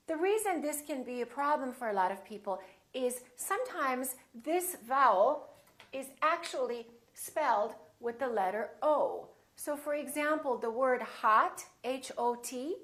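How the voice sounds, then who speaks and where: Slow, deliberate American woman teacher. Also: high-pitched, expressive, fairly bright tone. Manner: slow and deliberate, demonstrating vowel sounds. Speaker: pronunciation teacher. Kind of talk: scripted pronunciation lesson.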